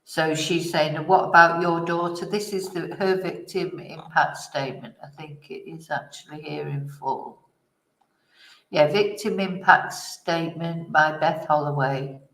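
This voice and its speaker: A woman's voice: low-pitched, measured pace, fairly bright tone, distant mic. A woman hosting a true crime channel, chatting casually and muttering asides to herself as she looks things up. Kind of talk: casual commentary. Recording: echoey room, away from mic.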